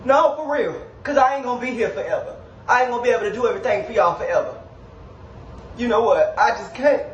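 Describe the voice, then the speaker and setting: A man's voice: extremely high pitch, fast talker, dull audio. A man playing a furious, cursing overworked mom. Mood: exasperated. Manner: yelling, cursing, exasperated. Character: furious overworked mother scolding her kids. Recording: roomy, distant, noisy skit audio.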